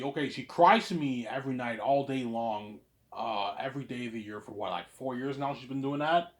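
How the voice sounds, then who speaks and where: A man rambling in a monologue to his audience, boastful and repetitive, tagging his lines with "obviously" and dropping from loud claims to mumbled asides. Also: medium pitch, normal speed. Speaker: vlogger.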